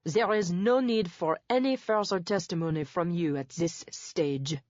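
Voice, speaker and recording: A woman's voice: fairly low pitch, a little slow, a little mellow, no room sound, lightly acted. A woman voicing a stern male presiding judge who talks in a clipped, formal, impatient way, recorded dull and dry.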